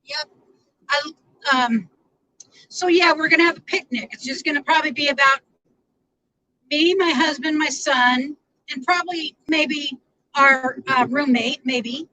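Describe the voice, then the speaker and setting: A woman's voice: high-pitched, a little slow, pauses often, bright, forceful tone, slight background noise, low-quality recording. A woman rambling in casual live-stream chat from inside her car, greeting viewers by name.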